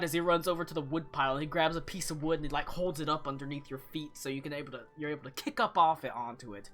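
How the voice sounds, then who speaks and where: A man narrating a tabletop fantasy game as game master, relaxed and hesitant, with lots of fillers. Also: fairly high pitch, fast talker, few pauses, soft background music.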